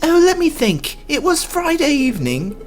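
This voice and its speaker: A man voicing a cheerful, naive young noblewoman in a game, in a high, bubbly, singsong voice. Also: huge pitch swings, normal speed, soft background music, heavily acted. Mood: chirpy.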